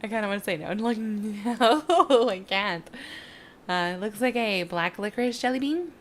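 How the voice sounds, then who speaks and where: A woman's voice: mid-range voice, fast, slight background noise. A woman giving casual, playful gameplay commentary, laughing often. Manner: giggly, playful. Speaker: let's play host. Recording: game music under her voice.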